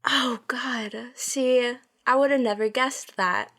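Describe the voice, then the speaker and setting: A woman's voice: fairly high pitch, fairly even intonation, slow pace, a bit bright. A woman guest on a podcast, chatting casually and laughing a lot, guessing with many fillers. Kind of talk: casual chat.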